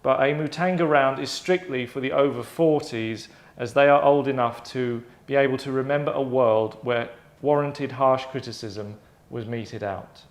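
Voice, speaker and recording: Speaking at normal speed with few pauses, a man with a mid-range voice and fairly even intonation hosts his own show and pitches his game idea. The monologue is casual and rambling, full of asides and self-corrections, and the room echoes.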